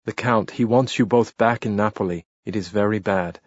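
A man's voice: lowish voice, normal speed, no echo, highs cut off, lightly acted. A man reading an audiobook voices an anxious old Italian caretaker who speaks urgent, broken English.

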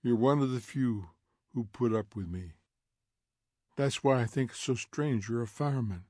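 A man voicing a curious, gently odd teenage girl who talks softly and stumbles over her words. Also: medium pitch, normal speed, dry recording, clean studio sound, natural voice. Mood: wondering.

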